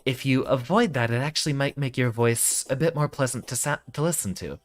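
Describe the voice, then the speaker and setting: A man streaming, explaining voice technique in casual talk, with a deep voice from the back of his throat and a melodic cadence that drops at sentence ends. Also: brisk.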